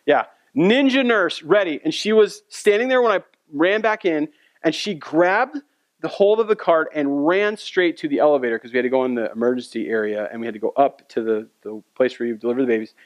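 A pastor delivering a sermon in a loose, storytelling way, chatting with the congregation as he goes. His voice sits high for a man and sounds dry and close, with almost no room around it. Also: dry recording. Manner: storytelling, conversational with audience asides.

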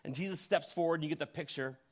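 Guy pastor preaching, kinda high voice, tells it like a story, gets loud then drops real quiet, asks the church stuff. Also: quick pace. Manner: vivid storytelling, swinging between loud emphasis and hushed near-whispers; addresses the congregation directly with questions. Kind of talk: sermon.

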